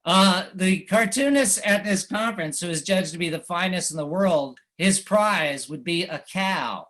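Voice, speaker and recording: An American man, a cartoonist, giving a wry, anecdotal slide presentation, pausing often with fillers and little chuckles. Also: high voice, expressive, a bit bright. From United States.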